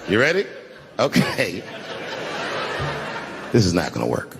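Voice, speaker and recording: A man in his fifties performing a stand-up comedy set on a large theater stage, telling stories at a relaxed pace and leaving room for the crowd's laughter. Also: low voice, measured pace, vocal fry, noisy background. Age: 50s. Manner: laid-back storytelling with crowd laughter breaks. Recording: reverberant hall with loud crowd.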